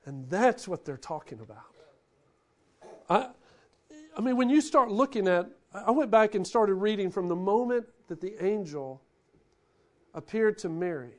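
A man preaching a sermon, who swings between loud, animated bursts and hushed, quiet lines. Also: high voice, a little slow, pauses often. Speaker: pastor.

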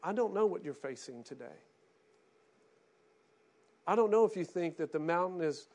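A man preaching a sermon as pastor, swinging between hushed pleading and loud impassioned cries. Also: high-pitched, expressive, normal speed, long pauses.

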